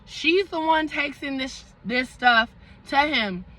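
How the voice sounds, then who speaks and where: A young woman vlogger telling a storytime in a dramatic, animated way, full of slang and asides to her viewers. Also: sits high, slow, low-quality recording. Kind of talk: storytime vlog.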